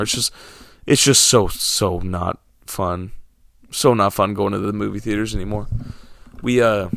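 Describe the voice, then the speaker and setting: In a lowish, creaky voice, a young movie vlogger grumbles to viewers about films and theaters. His tone is exasperated and sarcastic, dipping into mumbles and then bursting out loudly.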